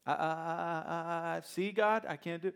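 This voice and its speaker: A man's voice: sits high, big pitch swings, unhurried, pitched above the performer's own voice, full character voice. A man voicing a whiny adult man who pleads and stammers through excuses. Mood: whining. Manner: stammering, whining.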